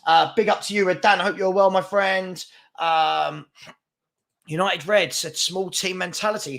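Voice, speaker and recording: A man's voice: on the high side, gravelly, bright, forceful tone. A man hosting a live fan chat show, chatty and brash as he reads comments and takes on trolls. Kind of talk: casual live-stream chat reading comments.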